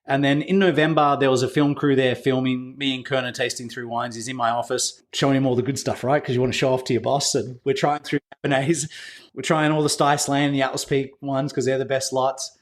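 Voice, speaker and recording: A man speaks as a podcast guest, casually spinning stories about his work at a winery. He leans on fillers like "like" and "you know" and acts out back-and-forth dialogue. His voice sits at an ordinary middle pitch for a man. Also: flat delivery, brisk. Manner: anecdotal, acts out quoted dialogue with filler words. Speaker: winery executive, interview guest. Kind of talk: casual storytelling interview.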